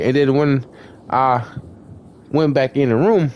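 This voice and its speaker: A young man in voice chat, rambling through a profane story full of "like" and restarts, acting out lines with shouts. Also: medium pitch, slow pace, muffled recording, slight background noise. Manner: acts out quoted lines, shouting and laughing. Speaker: gamer in voice chat.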